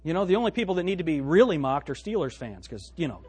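Husky animated preacher man. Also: a little high, fast talker. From United States. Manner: animated preaching, swinging from loud to hushed; quotes scripture in old-fashioned wording. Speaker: pastor. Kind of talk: sermon.

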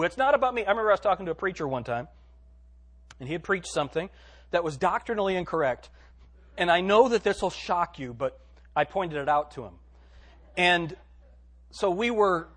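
A male pastor preaching with a husky, slightly breathy voice and a lively, wide-ranging pitch. He drops to near-whispers, then rises to loud, stretched-out emphasis, and his pitch sits a bit high for a man. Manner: dramatic swings from hushed to loud, drawn-out emphasis. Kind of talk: sermon.

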